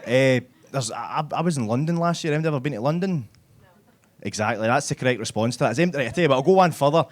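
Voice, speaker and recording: A man's voice: medium pitch, lively intonation, rapid-fire. Brash sweary Glaswegian stand-up man. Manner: brash, sweary, chatty, keeps asking "right?". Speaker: stand-up comedian. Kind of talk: live stand-up set. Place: comedy club stage.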